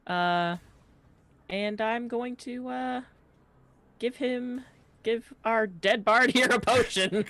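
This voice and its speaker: A woman's voice: a little high, a bit bright, no echo. A woman playing a tabletop game, thinking aloud with lots of fillers. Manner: unhurried, hesitant, thinks aloud with many fillers. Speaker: player.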